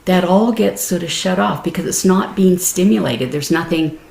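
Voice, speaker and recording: A woman meditation teacher giving a gentle, explanatory dharma talk, laughing easily and restarting her phrases. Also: on the low side, moderate pace, creaky. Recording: roomy echo.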